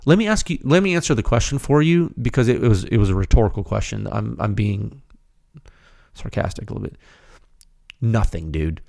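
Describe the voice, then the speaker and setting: A man hosting a technical podcast, talking in an emphatic, animated way and often calling listeners dude. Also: fairly low pitch, a little fast, vocal fry, dry recording, clean studio sound. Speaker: podcast host. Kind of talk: excited technical podcast talk.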